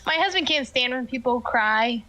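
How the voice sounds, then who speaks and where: A woman's voice: high voice, lively intonation, moderate pace, bright, forceful tone, poor audio. A woman streamer chatting casually during a tabletop game, telling stories with lots of laughter. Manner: chatty storytelling, laughs often, filler "like".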